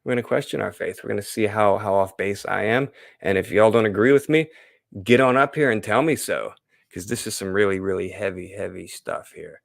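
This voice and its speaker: Male live stream host, low voice with a gravelly edge, rambling and playful, dramatic scripture reader. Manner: chatty, reads verses slowly and dramatically. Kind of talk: casual live stream talk with scripture reading.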